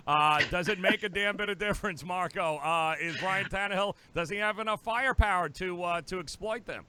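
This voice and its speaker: A man hosting a sports betting show, running promo pitches and asking the panel questions. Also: fairly even intonation, moderate pace, few pauses, sharp tone, smooth. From Miami area. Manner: upbeat, promo-style pitches. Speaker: host.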